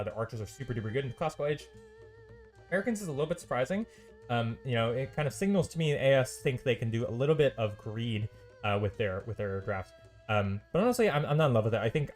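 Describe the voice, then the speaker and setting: A man hosting a live stream and casting a strategy game tournament on his own. He talks loosely and chattily, with many ums and uhs and the odd dry, sarcastic aside. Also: mid-range voice. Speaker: esports caster and stream host. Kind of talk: solo live game commentary.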